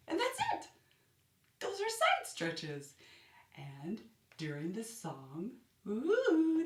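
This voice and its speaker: A woman leads a children's dance class, her voice bright and swooping widely up and down as she cheers and counts. She talks slowly and carefully, and her voice sounds roomy and a bit far from the mic. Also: medium pitch. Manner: animated, gasping, cheerful counting for small children. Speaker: kids' dance teacher. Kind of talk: children's ballet class instruction. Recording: roomy echo, distant mic, faint music.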